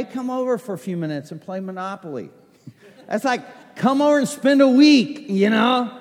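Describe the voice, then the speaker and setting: A man preaching a sermon, emphatic and repetitive, with chatty asides to the congregation. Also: high-pitched. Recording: echoey hall.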